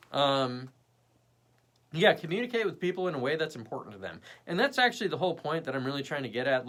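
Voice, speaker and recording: Man, young adult, livestream host, blunt, profane, lively up-and-down voice. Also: medium pitch. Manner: animated, mimics people in quick bits. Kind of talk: casual live chat reading viewer comments.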